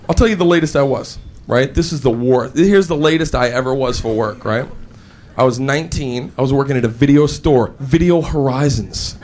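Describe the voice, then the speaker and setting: A man performing stand-up comedy, animated and loud, acting out scenes on a stage before a large audience. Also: medium pitch, a little hiss or hum. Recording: live show with crowd laughter.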